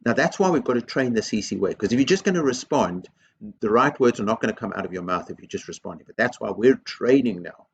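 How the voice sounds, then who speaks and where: A man's voice: mid-range voice, animated, quick pace, dull audio, slight background noise. A man speaking as a headteacher in a school video assembly, earnest and encouraging, repeating his key phrases.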